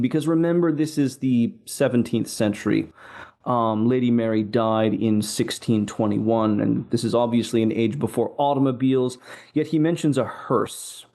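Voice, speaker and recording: A man hosting a poetry show, giving an unscripted, thoughtful spoken lecture about a poem, pausing often with ums and uhs. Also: medium pitch, mellow. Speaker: poetry podcast host.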